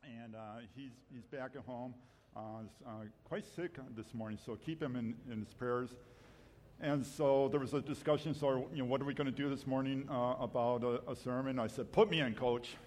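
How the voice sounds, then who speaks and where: A man's voice: mid-range voice, fairly even intonation, darkish tone. A man preaching as a guest speaker in a church, joking about himself and stopping to restart his sentences. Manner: self-deprecating, joking, halting restarts. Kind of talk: sermon. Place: church sanctuary. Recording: long hall reverb.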